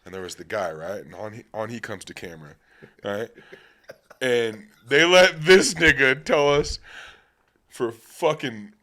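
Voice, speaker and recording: A young man hosting a podcast, telling casual stories in an animated way and laughing as he goes. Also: mid-range voice, unhurried. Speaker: podcast host. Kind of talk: casual storytelling chat.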